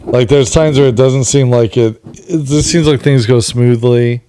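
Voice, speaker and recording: A man's voice: medium pitch, steady tone, normal speed, warm tone, clean tone. A man co-hosting a podcast in casual chat, easygoing and reflective, often agreeing briefly. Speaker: podcast co-host.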